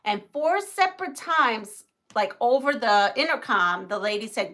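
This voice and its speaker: A middle-aged woman with a slightly high voice chats casually on her livestream. She rambles from story to story and stops to read viewers' comments aloud. Her storytelling is animated. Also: measured pace. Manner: animated storytelling with gasps and laughs. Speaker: livestream host.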